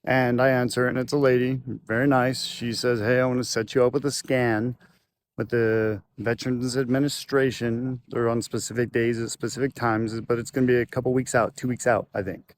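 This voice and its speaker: A man with a mid-range voice and level tone rambles through a story told casually to camera at normal speed. His delivery is loose, full of fillers and restarts, with faint background noise.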